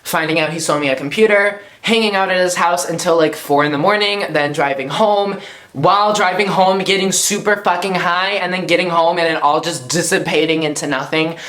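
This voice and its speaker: A man's voice: high voice, steady tone, fairly quick, bright, forceful tone. A young man telling a casual storytime vlog at home, slangy and chatty, packing his talk with "like". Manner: chatty, slangy, heavy on "like" fillers. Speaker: YouTuber.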